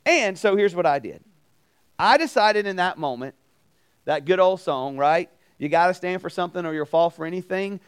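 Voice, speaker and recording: Animated high-voiced preacher. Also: male voice, clean tone. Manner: animated, acts out voices in anecdotes, asks the crowd questions. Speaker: campus ministry preacher. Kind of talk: storytelling sermon. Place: campus ministry meeting room.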